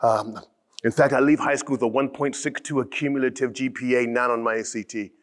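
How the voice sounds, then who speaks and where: A middle-aged man from Ohio giving a motivational keynote, telling stories with animated, shouted emphasis. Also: medium pitch, a little fast. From Columbus, Ohio. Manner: animated, shouting storyteller with rising emphatic lines. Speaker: motivational speaker.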